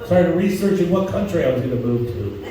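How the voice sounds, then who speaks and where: A man's voice: on the high side, sing-song, a little fast, a crowd in the background. A male stand-up comedian telling crude stories on stage and acting out the voices in them, heard from far off in an echoey club. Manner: crude, storytelling, acts out voices.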